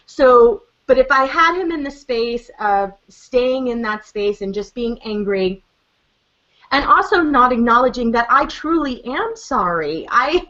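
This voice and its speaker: A woman's voice: on the high side, a bit bright, highs cut off. A woman guest in a casual conversation who tells stories animatedly and acts out dialogue.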